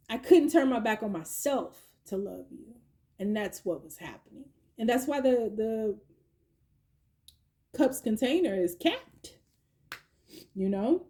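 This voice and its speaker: A woman giving a chatty tarot reading, slangy and playful, with quick asides. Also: on the high side, animated, mellow. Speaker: tarot reader. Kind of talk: casual tarot reading monologue.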